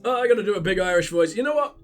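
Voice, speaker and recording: A man's voice: high-pitched, expressive, very fast, faint music behind. A man with a stuffy cold, rambling and swearing sarcastically while commentating his own gameplay. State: congested with a cold or flu. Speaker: let's play host.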